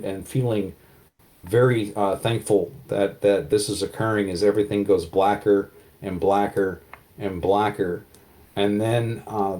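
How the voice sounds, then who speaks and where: A man's voice: fairly low pitch, dark tone. A man narrating as game master, in vivid, casual storytelling with many fillers.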